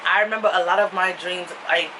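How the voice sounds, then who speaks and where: A young woman with a New York accent telling a story to camera in a casual, animated way, laughing and jumping into high excited voices. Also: brisk, far from the mic, background noise. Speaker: vlogger.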